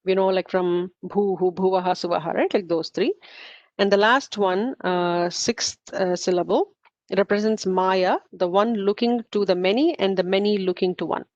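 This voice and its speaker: A woman's voice: medium pitch, steady tone, normal speed, a little mellow, dry recording. A woman teaching a study group in an informal lecture, explaining step by step with frequent fillers and self-corrections. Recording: slightly muffled, dull recording.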